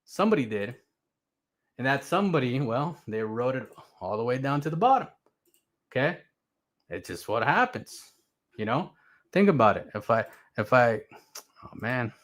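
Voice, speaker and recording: A man hosting his own stream, delivering a blunt, profane motivational rant that keeps repeating itself and swings between loud and quiet. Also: mid-range voice, expressive, normal speed, pauses often. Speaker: crypto streamer.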